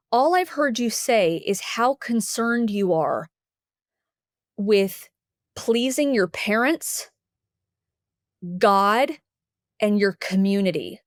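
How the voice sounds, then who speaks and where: A woman voicing a kind, warm middle-aged school counselor who speaks gently and soothingly. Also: a little high, no room sound, clean studio sound.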